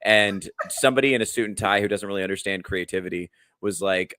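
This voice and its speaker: A man with a lowish voice chats on a podcast, working through his points in a measured, analytical way. The sound is dry and close, with no room around it. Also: sharp tone, clear, resonant tone, dry recording. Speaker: podcast co-host. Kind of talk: casual podcast chat.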